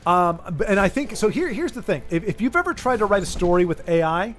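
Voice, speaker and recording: A man's voice: sits high, sing-song, brisk, fairly bright tone, soft background music. A man hosting a casual chat, rambling and restarting his sentences as he talks through an idea. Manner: rambling, many restarts and repeated words. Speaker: streamer host.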